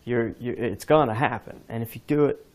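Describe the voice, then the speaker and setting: A man's voice: mid-range voice, brisk, darkish tone. A man hosting a podcast, telling a rambling story in casual chat with many restarts. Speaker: podcast host.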